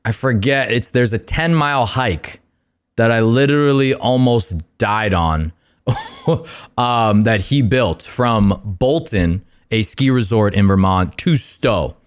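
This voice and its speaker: A man's voice: lowish voice, slow pace, smooth. A young man, a podcast guest, telling a rambling story in casual chat, full of fillers and swearing.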